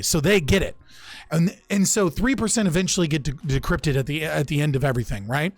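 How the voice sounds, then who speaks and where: A man's voice: on the high side, fairly quick, creaky, dry recording. A young man casually recounting political history on a podcast, loose and profane, often restarting his sentences. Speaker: podcast speaker.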